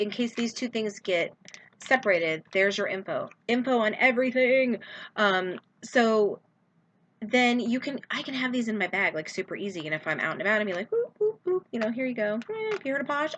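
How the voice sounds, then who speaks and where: A woman's voice: medium pitch, a bit bright, slight background noise. A woman chatting casually in a how-to video, full of fillers and asides as she shows how she prepares product samples. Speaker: direct sales consultant.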